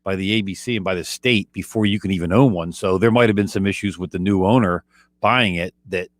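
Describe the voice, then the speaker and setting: A man's voice: low-pitched, fairly quick, dry recording. A man in a casual radio chat, easygoing and chiming in with short agreements.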